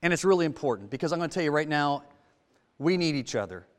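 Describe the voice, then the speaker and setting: A man preaching a sermon in a church, talking to the congregation with rhetorical questions and swinging from loud to hushed. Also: on the high side, animated, quick pace, big-room sound. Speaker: lay preacher.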